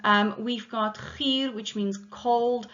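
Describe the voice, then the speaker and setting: A woman's voice: fairly high pitch, fairly even intonation, takes it slowly, a bit bright, dull audio. Woman teacher explaining a poem. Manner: explanatory, methodical, with frequent ums. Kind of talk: poetry lesson.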